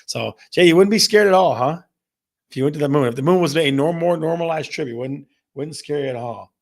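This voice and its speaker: A man's voice: fairly high pitch, fairly quick. A middle-aged man hosting a casual real estate show, chatting loosely, repeating himself and tossing questions to his audience. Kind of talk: casual live-stream chat reading viewer comments.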